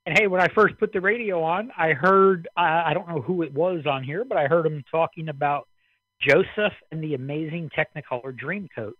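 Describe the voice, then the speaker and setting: A man from the Midwest rambles easily on an amateur radio net, a bit out of breath. His voice sits slightly high. It comes through dry and narrow, like a radio link. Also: normal speed, husky, dry recording. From American Midwest. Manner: relaxed, rambling. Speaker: caller on the net. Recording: dry radio transmission, phone-like band.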